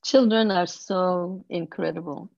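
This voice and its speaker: A woman in her eighties, an interview guest telling stories slowly and thoughtfully, laughing softly now and then. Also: on the low side, creaky, dry recording, highs cut off. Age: 80s. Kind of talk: storytelling in conversation.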